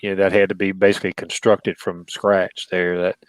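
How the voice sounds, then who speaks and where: A man with a lowish voice recalls the early days in casual talk, halting and restarting as he goes. His voice sounds dry and close, with no room around it. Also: flat delivery, no room sound, low-quality recording. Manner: hesitant, with many restarts and fillers. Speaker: guest. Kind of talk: casual reminiscing conversation.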